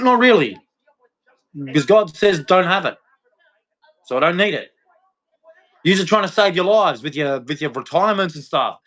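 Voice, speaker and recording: A man with a high-pitched, fairly bright voice vlogs a religious rant straight to camera. He is preachy and repetitive, heckling and challenging the listener throughout.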